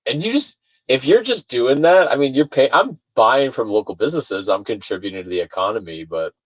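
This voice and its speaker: A man's voice: mid-range voice, expressive, a little fast, no echo. A man on a remote call, talking animatedly and swearing as he tells a story in casual chat. His voice sits mid-range and sounds dry, with no room around it. His mic sounds thin and far off. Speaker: podcast guest. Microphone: remote call mic, sounds far away.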